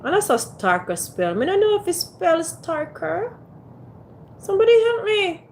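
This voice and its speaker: A woman hosts a casual livestream from a phone mounted on a ring light, playfully teasing her viewers and coaxing them to type in the chat. Her voice is extremely high and swoops wildly in pitch at a moderate pace. There's slight background noise.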